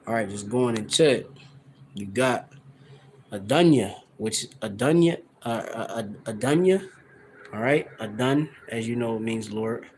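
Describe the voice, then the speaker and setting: A man in a casual scripture study, loose and conversational, reading verses slowly and sounding out words to define them, recorded on a handheld phone. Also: mid-range voice, darkish tone, a little hiss or hum, rough recording. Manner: loose and conversational, heavy on "you know" and "all right". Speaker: Bible teacher. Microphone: handheld phone camera, no tripod.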